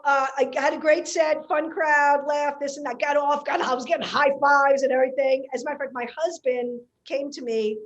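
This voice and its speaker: A woman comedian, telling a story in casual podcast chat, animated and chatty. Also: high-pitched, muffled recording.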